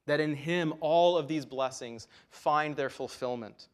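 A man's voice: a little high, unhurried. A man preaching a sermon in an earnest, emphatic way, his voice rising and dropping to stress key points.

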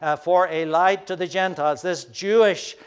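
An expository sermon comes from a man whose voice is high-pitched, smooth and steady in tone. He explains things earnestly, often pauses on fillers, and turns to address the children.

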